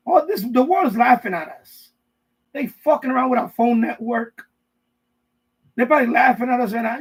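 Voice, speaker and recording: Man, high-pitched, husky, profane rambling rant, live stream host, basement. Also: expressive, moderate pace, rough recording. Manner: profane, repetitive, riffing with mock voices. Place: basement room.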